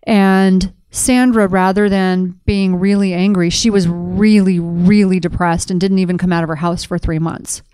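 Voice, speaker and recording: A woman's voice: lowish voice, steady tone, normal speed, few pauses, mellow, clean tone, dry recording. A middle-aged woman co-hosting a podcast in casual conversation, telling stories with animation and acting out quoted dialogue. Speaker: podcast co-host.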